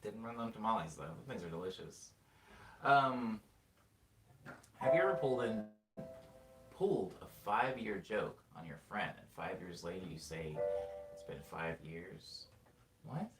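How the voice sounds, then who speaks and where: A young man chats casually on a livestream, laughing as he rambles through anecdotes. His voice swings widely in pitch. He sits back from the mic in a roomy space with a faint hiss underneath. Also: measured pace, pauses often, distant mic, loud music behind the voice. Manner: rambling, laughs often, animated storytelling. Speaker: livestream host reading chat. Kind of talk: casual chat.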